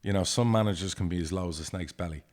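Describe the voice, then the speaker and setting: Fast-talking deep-voiced blunt man. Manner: blunt, profane, lively storytelling. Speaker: football club chairman, podcast co-host. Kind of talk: casual podcast chat.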